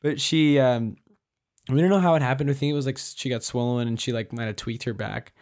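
A young adult co-hosting a podcast in casual chat, talking quickly and rambling with many restarts. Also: medium pitch, a little mellow. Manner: rambling, quick, self-interrupting. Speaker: podcast co-host.

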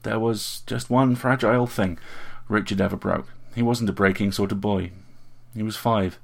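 Low, gravelly male story narrator. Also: steady tone, normal speed.

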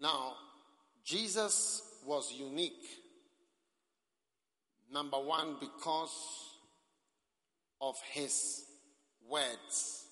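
A high, very bright male voice, preaching at a camp meeting. He talks emphatically and unhurriedly, often surging into shouts and calling on the crowd for amens. The sound rings with long reverb in a large hall. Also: drawn-out words, long pauses. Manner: emphatic, rising to shouts, calls for amen. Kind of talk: sermon. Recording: echoey hall.

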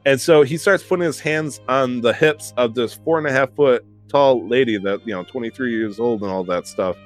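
A man's voice: mid-range voice, normal speed, faint music behind. Profane young man telling a story. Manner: animated, profane, self-mocking storytelling. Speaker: podcast host. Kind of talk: casual storytelling chat.

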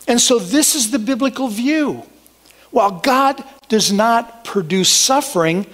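High-voiced man preaching a sermon. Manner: earnest preaching, reads scripture aloud, refers listeners to an outline. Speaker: pastor.

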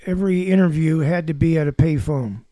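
A man's voice: fairly high pitch, a little fast, mellow, no echo. A man in his seventies, a podcast guest, telling rambling anecdotes with dry humor. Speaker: guest, former backcountry ranger. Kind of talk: casual storytelling.

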